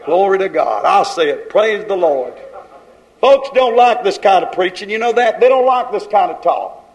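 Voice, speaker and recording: A man's voice: sits high, lively intonation, moderate pace, poor audio. A man preaching a fiery sermon, scolding his congregation in rhythmic, repeated phrases and folksy grammar.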